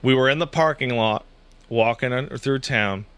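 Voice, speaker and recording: A man in his thirties, a podcast co-host, telling a family story in casual chat, animated and swearing freely. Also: medium pitch, normal speed, clear, resonant tone, no echo.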